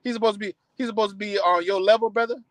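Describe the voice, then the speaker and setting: A man with a high voice and fairly even intonation races through a casual, profane sermon as a street preacher. He is heated, swears often and keeps restarting what he says. The recording is low quality, with no room sound.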